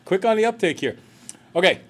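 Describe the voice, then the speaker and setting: A man's voice: high voice, lively intonation, fairly quick, a bit bright. A middle-aged man teaching a math class, telling jokey stories and acting out little voices. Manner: playful, jokey, acts out voices in anecdotes.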